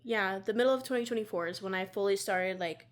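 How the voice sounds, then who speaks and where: A woman's voice: mid-range voice, fast talker. A young woman chats casually about her reading. She rambles and fills her talk with fillers. She is recorded on a phone at home beside her bookshelf. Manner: rambling, filler-heavy, chatty. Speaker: book vlogger. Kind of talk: casual vlog chat.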